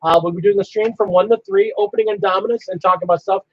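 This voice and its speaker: A man's voice: sits high, steady tone, racing, no room sound. A man co-hosting a casual fan chat, easygoing and blunt with his opinions. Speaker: podcast co-host. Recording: dry, slightly muffled lo-fi audio.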